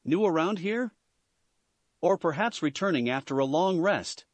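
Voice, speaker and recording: A man doing a calm, posh bear warrior. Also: fairly high pitch, a little slow, no echo. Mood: calm formal. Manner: calm, formal.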